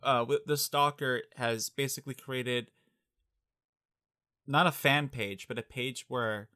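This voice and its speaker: A man's voice: medium pitch, steady tone, slow, pushed and bright, clean tone. A young man co-hosting a podcast, chatting casually about a film and now and then mimicking characters' voices. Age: young adult. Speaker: podcast co-host. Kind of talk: casual movie discussion.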